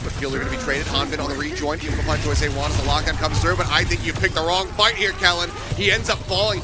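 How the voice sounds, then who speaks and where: A man giving rapid esports play-by-play commentary in short, clipped calls. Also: a little high. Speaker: play-by-play caster.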